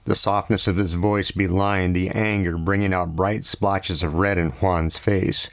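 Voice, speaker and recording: Low, gravelly male audiobook narrator. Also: flat delivery, unhurried, dry recording, studio quality. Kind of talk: scripted novel narration.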